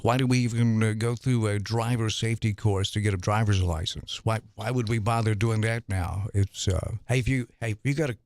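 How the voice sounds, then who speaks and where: A man's voice: fairly low pitch, darkish tone. A man debating for mayor on the radio, telling folksy stories with frequent restarts and hesitations. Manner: halting, restarts, folksy storytelling. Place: radio studio.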